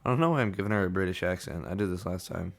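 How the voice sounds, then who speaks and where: A man playing a visual novel, making deadpan joking asides. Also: sits low, rapid-fire, vocal fry. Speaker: gamer. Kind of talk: let's-play commentary.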